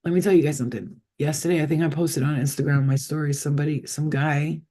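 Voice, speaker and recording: A man with a somewhat high but mellow, husky voice talks casually with viewers on a live stream. He rambles from one thought to the next and swears freely. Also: fairly even intonation, fast talker. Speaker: psychic reader, live streamer.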